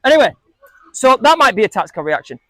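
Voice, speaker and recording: A man's voice: very high voice, sing-song, fast talker, pushed and bright. A man coaching a group of young football players, asking them questions and joking with them. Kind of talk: coaching talk to a group of kids.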